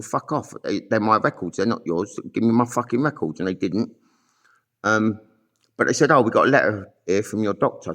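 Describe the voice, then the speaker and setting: A man's voice: fairly low pitch, a bit bright. A middle-aged man telling his own story in a blunt, sweary, rambling monologue full of fillers. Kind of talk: angry monologue to camera.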